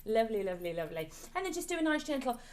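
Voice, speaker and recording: A woman leading an online choir warm-up from home over a video call, chatty and encouraging, coaxing the group along with repeated praise. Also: on the high side, big pitch swings, rapid-fire. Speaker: choir leader. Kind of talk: online singing warm-up class.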